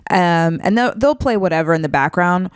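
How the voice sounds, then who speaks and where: Woman, comedy podcast co-host, smooth voice, dry close sound, chatty with many fillers. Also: fairly low pitch, expressive, fairly quick, no room sound. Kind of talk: casual chat.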